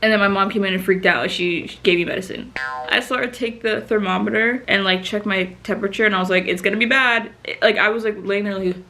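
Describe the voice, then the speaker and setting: A young woman with a mid-range voice tells a rambling storytime to her camera. She is animated and laughs often, swears freely and corrects herself mid-sentence as she drifts into tangents. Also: medium pitch, fast, faint music behind. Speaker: vlogger. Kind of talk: casual storytime monologue.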